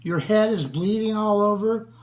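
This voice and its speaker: An older man from the United States, speaking in an earnest, grieving tribute to a friend who was killed, with long pauses. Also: high voice, rough recording. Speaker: friend speaking about a slain friend. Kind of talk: spoken tribute.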